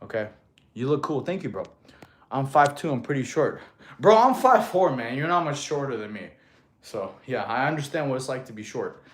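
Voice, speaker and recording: A man's voice: medium pitch, animated, normal speed. A fitness coach, a man, chatting casually on a live stream, reading viewers' comments aloud, joking, laughing often and calling people bro. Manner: counts out push-ups between answers.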